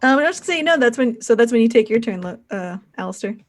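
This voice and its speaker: A woman's voice: a little high, animated, fast talker. A woman running a tabletop game as game master, narrating hesitantly with many restarts.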